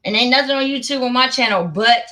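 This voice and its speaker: Hosting a relaxed livestream conversation, this middle-aged woman talks quickly in a high-leaning, bright, forceful voice. She repeats her words for emphasis and frequently cuts across her guest.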